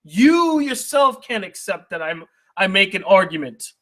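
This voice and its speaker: A man's voice: sits high, sing-song, brisk, a bit bright. A young man reading out viewer mail on his channel and ranting at it, indignant and argumentative, firing rhetorical questions. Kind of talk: heated ranting commentary.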